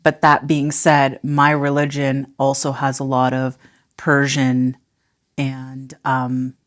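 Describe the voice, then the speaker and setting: A woman's voice: extremely low pitch, completely flat delivery, slow. A woman co-hosting a podcast, chatting casually with playful, teasing remarks. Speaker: podcast co-host.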